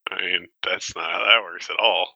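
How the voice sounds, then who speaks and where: A man playing a tabletop game, blunt and deadpan. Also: sits low, normal speed, gravelly, husky, muffled recording. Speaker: player. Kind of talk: casual tabletop play.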